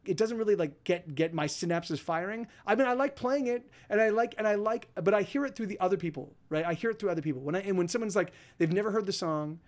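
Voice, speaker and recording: High-voiced man telling rambling stories. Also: quick pace, few pauses. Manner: rambling storytelling with many restarts and swearing. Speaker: musician and podcast host. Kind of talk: casual livestream chat.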